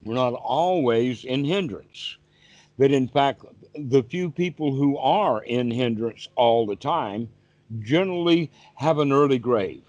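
Male meditation teacher, mid-pitched, calm repetitive explainer; dull lo-fi call recording. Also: slow, no room sound. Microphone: video call. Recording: dull, dry lo-fi call audio.

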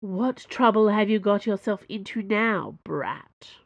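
Woman voicing a scornful businesswoman, sharp, mocking, audiobook, dry close sound. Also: mid-range voice, slow pace, gravelly, no echo, lo-fi sound, voice pushed up. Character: sharp-tongued woman workshop owner, scornful.

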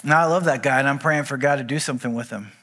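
A man preaching a sermon as pastor, telling stories in a conversational way with quick asides. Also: medium pitch, a bit bright, big-room sound. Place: church auditorium.

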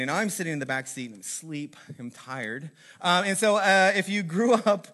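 A man with a fairly high voice, raised in the American South, talks straight to the camera. He rambles through funny stories with lots of ums, teasing himself and his audience as he goes. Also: sharp tone. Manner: joking, self-mocking, rambling with many fillers. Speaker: video host. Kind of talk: casual comic storytelling to camera.

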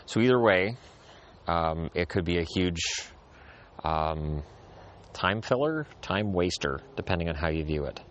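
A man's voice: deep voice, expressive, unhurried, lo-fi sound, a little hiss or hum. A man hosting a casual solo show, rambling in an easygoing way, repeating phrases and restarting his sentences. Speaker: podcast host. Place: outdoors in a backyard.

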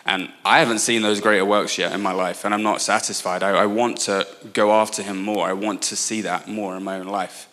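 Young man, English accent, guest preacher, earnest, self-interrupting, lowish voice. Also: little pitch movement, a bit bright. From England. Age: 20s. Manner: earnest, quick asides and self-interrupting restarts. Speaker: guest speaker. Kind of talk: sermon.

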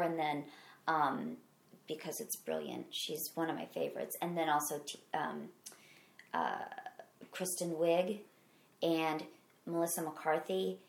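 A middle-aged woman with a Midwestern accent speaks in a low, gravelly voice. She answers earnestly and rambles, circling back and restarting her thoughts. The room around her is echoey. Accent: Midwestern American. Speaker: actor guest. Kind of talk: conversational interview.

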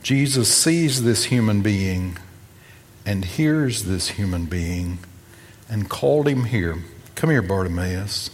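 A man preaching a sermon, animated as he tells a story, acting out the people in it. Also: fairly low pitch, slow pace, big-room sound. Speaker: pastor.

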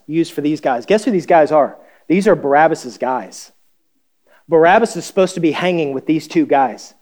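A pastor preaching a conversational sermon, reading scripture and asking the congregation questions with wry humor. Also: male voice, fairly high pitch, darkish tone.

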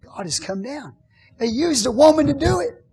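Husky high-voiced preaching man. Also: animated, normal speed. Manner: preaching with big swings from hushed asides to shouted lines. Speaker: pastor. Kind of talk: sermon.

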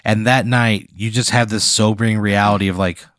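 A man's voice: lowish voice, steady tone, normal speed, a bit bright, dry recording, studio quality. A man co-hosting a comedy podcast, rambling through an absurd improvised hypothetical. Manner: rambling, building an absurd scenario.

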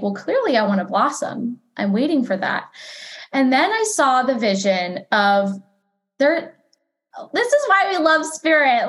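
A psychic medium appearing as a podcast guest tells a personal story in a casual, animated, chatty way, acting out her own remarks. Her voice is fairly high-pitched.

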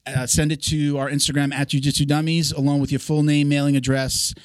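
A man's voice: on the high side, flat delivery, a little fast, clean tone, dry recording. Chatty male podcast host, dry close sound. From South Florida. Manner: loose and chatty, with fillers. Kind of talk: casual podcast chat.

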